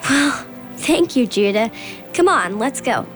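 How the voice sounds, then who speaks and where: A woman's voice: a little high, big pitch swings, slow pace, soft background music. An actress playing a polite, anxious young assistant who hesitates when she is unsure, in a children's radio drama. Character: nervous, dutiful young woman assistant.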